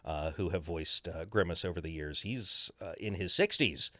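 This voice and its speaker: A man, a voice actor, talking as an interview guest in a lively storytelling way, often slipping into character voices. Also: low voice, normal speed, dry recording, studio quality.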